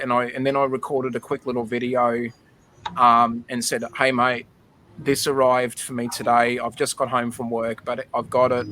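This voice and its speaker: A man's voice: medium pitch, a bit bright, a little hiss or hum, low-quality recording. A middle-aged Australian man on a video call, telling a nostalgic, emotional story in a chatty way with lots of fillers. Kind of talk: casual storytelling.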